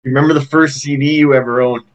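A man's voice: medium pitch, fairly even intonation, fast talker. A man with a Canadian accent hosting a podcast, easygoing and asking short questions. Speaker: podcast host. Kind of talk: casual interview chat. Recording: dull lo-fi sound.

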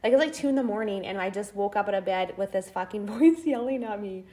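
An animated woman in her thirties talks through a personal story in a relaxed chat. She jumps between voices as she acts out what people said, laughs often, and lets the odd swear slip. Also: medium pitch, brisk. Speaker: podcast co-host. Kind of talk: casual chat.

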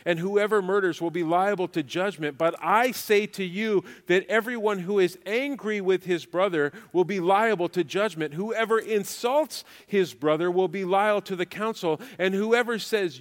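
A man's voice: high-pitched, fairly bright tone, long reverb tail. A man preaching a sermon as pastor, emphatic and repeating phrases for weight.

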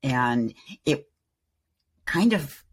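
A woman's voice: a bass voice, expressive, extremely slow, husky. An older woman from Wales, guesting as a voice actor on a podcast, wry and self-deprecating. She chats casually, with dry jokes dropped between her answers. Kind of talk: casual interview chat.

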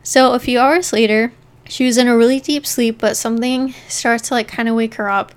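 A woman's voice: on the high side, steady tone, brisk, clear, resonant tone. A woman co-hosting a podcast, casually telling a true-crime story and often saying "like" as she goes. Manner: chatty, leans on "like" while narrating.

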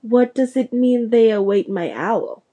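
A shy, bewildered boy read by a woman in a storybook reading, hesitant and stammering. The voice stays mellow and close to the reader's own. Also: on the high side, unhurried.

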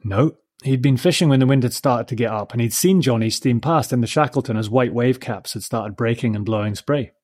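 A man reading a children's story aloud in a gentle, measured way, softly giving voice to the dialogue. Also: mid-range voice. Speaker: narrator. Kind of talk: storybook narration.

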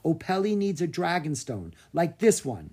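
A narrator voicing a quick-thinking young girl adventurer in a children's storybook, brisk and confident. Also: medium pitch, big pitch swings, mellow, husky, voice pushed up.

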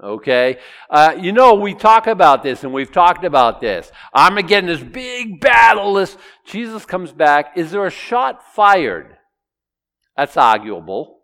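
A middle-aged pastor preaching an expository sermon, animated, acting out Bible voices and quizzing his congregation. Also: on the high side, unhurried. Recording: long hall reverb.

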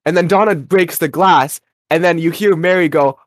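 A man's voice: a little high, normal speed, no room sound, studio quality. A young man co-hosting a podcast, chatting casually about a radio drama episode and wandering off on self-interrupting tangents. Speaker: podcast co-host.

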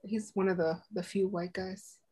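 A woman co-hosting a podcast in casual chat, loud and playful with lots of slang and exclamations. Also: medium pitch, little pitch movement, normal speed, breathy edge. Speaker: podcast co-host.

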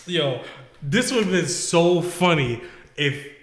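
A man's voice: on the high side, slow pace, roomy sound. A man co-hosting a podcast, telling joke scenarios in casual, profane slang and laughing as he goes. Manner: storytelling with animated bits and laughter. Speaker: podcast co-host. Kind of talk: casual chat.

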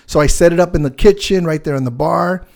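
A middle-aged man, a real estate agent, telling a story in casual chat, rambling and animated with lots of fillers. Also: on the high side, fast talker, creaky.

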